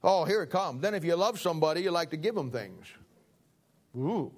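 A man's voice: on the high side, lively intonation, fast talker, gravelly. A man preaching a sermon in a folksy, joking way, acting out little everyday scenes. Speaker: pastor.

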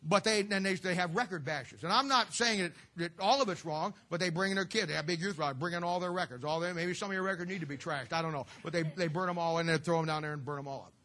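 Middle-aged male preacher, high bright voice, folksy and joking, storytelling sermon. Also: quick pace, few pauses. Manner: folksy, joking, sarcastic asides.

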